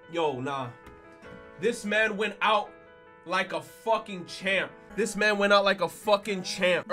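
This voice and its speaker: A young man reacts to an anime episode with excitable, profane commentary, and his voice sits high for a man. He talks at an unhurried pace, with faint music running underneath. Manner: excitable, swearing, emotional outbursts. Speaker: reaction streamer.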